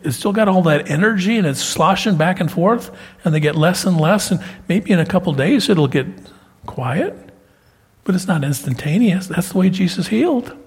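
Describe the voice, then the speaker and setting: A middle-aged male pastor preaching with animated swings in pitch. His voice sits a little high and sounds husky. It rings out with the long reverb of a church sanctuary. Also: moderate pace. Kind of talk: sermon.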